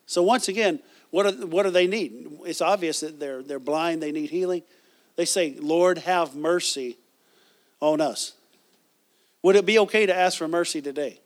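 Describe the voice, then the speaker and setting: A man's voice: on the high side, moderate pace. A man preaching a sermon as pastor, reading scripture and asking the congregation questions, with frequent restarts.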